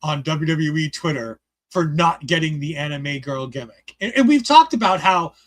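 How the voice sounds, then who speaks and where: High-voiced man ranting about wrestling. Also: normal speed. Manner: excited, rambling, swears freely, many "like" fillers. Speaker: podcast co-host reviewing a wrestling show. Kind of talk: casual review chat.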